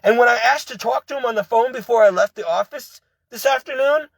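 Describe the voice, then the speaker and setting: A man's voice: extremely high pitch, brisk, vocal fry, dry recording. A man angrily venting about the job he just quit, upset and stumbling over restarts. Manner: agitated, repetitive venting with many restarts. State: upset and angry. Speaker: ex-employee venting. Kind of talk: personal rant to camera.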